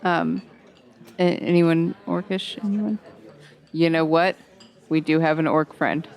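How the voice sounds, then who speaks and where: A player at a tabletop game, talking casually and working through ideas with hesitant pauses. The voice sits at a middle pitch. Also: little pitch movement, gravelly, darkish tone.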